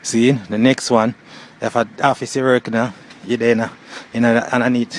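A man's voice: on the low side, little pitch movement, fairly quick, slight background noise. Flirty Jamaican man on a phone voice note. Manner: playful, flirtatious, rambling patois. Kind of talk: casual voice note to a partner. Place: outdoors.

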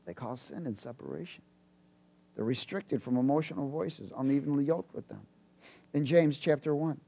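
A man preaching a sermon, animated, jumping from loud bursts to low asides and laughing between points. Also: normal speed, vocal fry.

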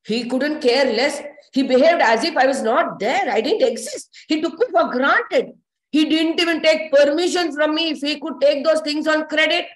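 A woman's voice: sits high, normal speed. A woman storyteller, telling a story in the first person as a shopkeeper, chatty and full of asides. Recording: roomy echo.

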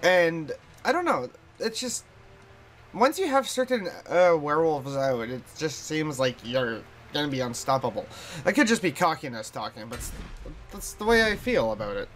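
A man's voice: a little high, big pitch swings, normal speed, fairly bright tone, a little hiss or hum. A man casually commenting on his own card game play in a bedroom, thinking aloud, laughing often, his voice and accent shifting. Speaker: streamer. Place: hot bedroom.

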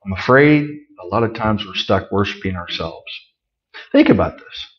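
Folksy preacher man, lively and dull-sounding. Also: fairly low pitch, moderate pace. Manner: folksy, joking asides, swings from loud emphasis to quiet. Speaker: pastor. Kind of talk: conversational sermon.

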